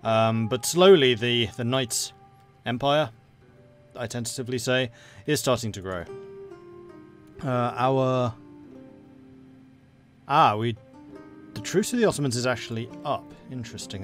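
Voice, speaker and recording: A man's voice: medium pitch, normal speed, pauses often, faint music behind. Chatty man streaming a strategy game. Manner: chatty, thinking aloud with fillers. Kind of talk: casual live gameplay commentary.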